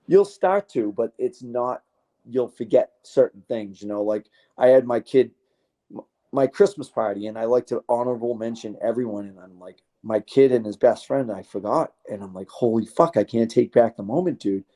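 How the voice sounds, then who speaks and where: A man's voice: medium pitch, normal speed, mellow. A man, a fighter being interviewed, talking in a rambling, heartfelt way and swearing casually.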